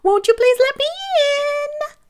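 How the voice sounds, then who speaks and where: A woman voicing a hungry male wolf who fakes a high, syrupy, wheedling voice. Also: unhurried, darkish tone. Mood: sickly sweet. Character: hungry scheming male wolf, falsely sweet.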